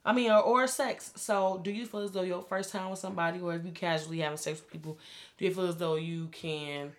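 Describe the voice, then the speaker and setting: Woman podcast co-host, lowish voice, meandering, lots of fillers. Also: fairly even intonation, a little fast. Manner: hesitant, rambling questions with many "like"s. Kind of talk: casual chat.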